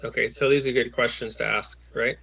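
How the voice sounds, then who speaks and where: A man coaching a job seeker over a video call, with a bright, forceful voice at an average pitch. He is patient and encouraging and full of ums and restarts. The audio is dull and lo-fi, like a compressed call. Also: steady tone, brisk, gravelly, breathy edge.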